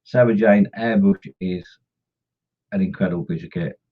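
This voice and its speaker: On dull, lo-fi stream audio, a middle-aged man chats casually while painting models live, reading viewer comments and teasing people with jokes. His voice is low and his pace moderate.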